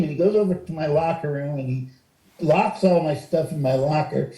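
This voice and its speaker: A man in his sixties, an interview guest, telling stories in a lively, animated way and jumping higher when he acts out what was said. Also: normal speed. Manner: animated storyteller, acts out quotes with rising pitch. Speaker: interview guest, retired wrestler. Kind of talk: casual storytelling interview. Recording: roomy echo.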